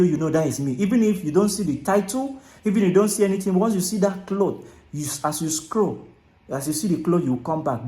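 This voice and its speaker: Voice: medium pitch, darkish tone. Nigerian-accented creator in an echoey room. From Akwa Ibom, Nigeria. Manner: repeats phrases, says "all right" often, slips into pidgin. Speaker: content creator. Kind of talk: casual talk to camera. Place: small closed room indoors. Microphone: camera mic, no clip-on mic. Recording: echoey room, camera mic.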